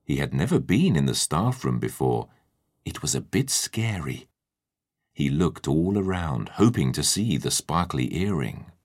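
A man narrating a children's storybook in a lively, expressive way. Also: extremely low pitch, measured pace.

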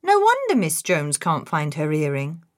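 A man's voice: fairly high pitch, huge pitch swings, moderate pace. A man voicing a fussy woman teacher in a children's storybook reading. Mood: tutting.

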